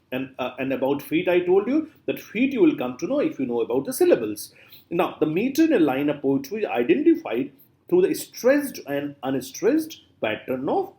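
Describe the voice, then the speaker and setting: A middle-aged man giving a classroom lecture, often stopping to say example words slowly and filling pauses with "uh". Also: a little high, dark tone. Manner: repeats example words slowly, many fillers. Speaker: literature lecturer. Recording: echoey room.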